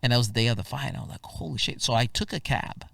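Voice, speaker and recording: A man who is a singer-songwriter, a guest telling lively anecdotes in a casual interview and peppering them with "bro". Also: medium pitch, very fast, gravelly, no room sound. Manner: animated anecdotes, keeps saying "bro". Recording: dry voice, far from the mic.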